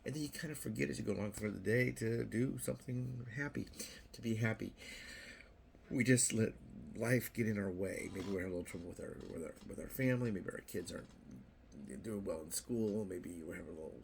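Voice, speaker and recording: An older man vlogs to camera in a loose, rambling monologue, circling back and repeating words. His voice sits low and carries a gravelly rasp. A faint hiss runs under him. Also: brisk, a little mellow. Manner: playful, acts out little quoted voices. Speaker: YouTube vlogger.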